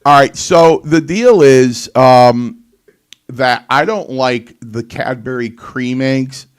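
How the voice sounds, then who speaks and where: A man's voice: medium pitch, takes it slowly, smooth. Middle-aged guy, chatty, does little voices for the people in his stories. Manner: animated anecdote-telling, mimics others. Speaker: co-host, former wrestler. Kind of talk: casual storytelling chat.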